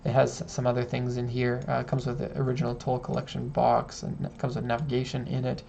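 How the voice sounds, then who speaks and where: Chatty gravelly man explaining car details. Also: mid-range voice, completely flat delivery, fast, dark tone. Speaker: host. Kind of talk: casual live-stream chat.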